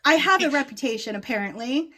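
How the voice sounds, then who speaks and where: A woman's voice: high voice, expressive, fast talker, pushed and bright. A woman co-hosting a casual tabletop-games chat show, bubbly and candid, laughing often. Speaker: co-host. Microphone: home setup on a live stream.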